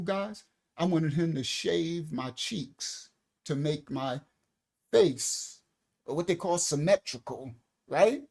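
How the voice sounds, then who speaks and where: A middle-aged male minister shares a personal story during a sermon, speaking casually and animatedly and repeating words often. His voice is fairly high-pitched with vocal fry.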